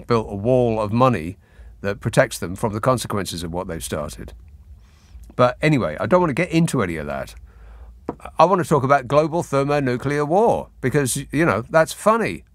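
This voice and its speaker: A man's voice: medium pitch, no room sound. A male radio host on a phone-in show, sardonic and exasperated, speaking into a studio mic. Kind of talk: late-night phone-in talk.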